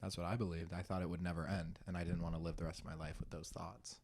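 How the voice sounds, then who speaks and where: A young man speaking candidly and haltingly as a podcast guest, leaning on the word "like". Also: low voice, flat delivery, creaky, darkish tone, slightly rough, no room sound. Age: young adult. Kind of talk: casual conversation.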